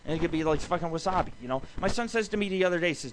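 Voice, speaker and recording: Foul-mouthed guy ranting on his late night web radio show, kinda high voice, rambly jokey stories, lots of loud noise behind him. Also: racing. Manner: profane, rambling and crude; loose, jokey storytelling. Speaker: internet radio show host. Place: show based in Las Vegas. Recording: loud constant background noise.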